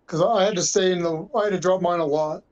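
A man chatting casually with friends, telling quick rambling stories. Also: sits high, lo-fi sound. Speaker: podcast co-host. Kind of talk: casual chat.

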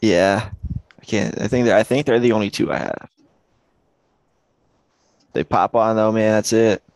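A man's voice: fairly low pitch, unhurried, vocal fry, a little mellow, dry recording. A man co-hosting a podcast in easygoing casual chat, saying "dude" and "man". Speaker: podcast co-host.

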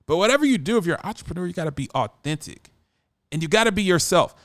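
Radio host guy going off, brash and emphatic, kinda high voice, bouncy delivery. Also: expressive, quick pace, fairly bright tone, no echo, clean studio sound. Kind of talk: casual monologue.

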